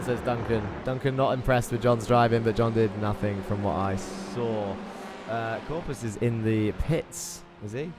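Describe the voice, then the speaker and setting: Guy calling a sim race, gets loud and excited, engine noise in the background. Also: medium pitch. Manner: excitable, chatty, reads out chat messages. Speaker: sim racing commentator. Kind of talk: live esports race commentary.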